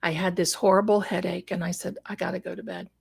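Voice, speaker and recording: On a live stream, a middle-aged woman, a psychic guest, tells a personal story with emotion and acts out the voices of the people in it. Her voice is fairly low and husky with a creaky edge, and she talks fast with little movement in pitch.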